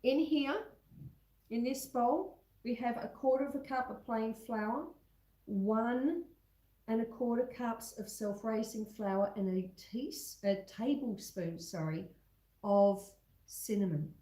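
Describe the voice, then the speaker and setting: Slow-talking woman in an echoey kitchen. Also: fairly high pitch. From Australia. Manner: chatty, reads out viewers' comments, warm terms like love and sweetheart. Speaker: home baking livestream host. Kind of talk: casual livestream chat while baking. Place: home kitchen.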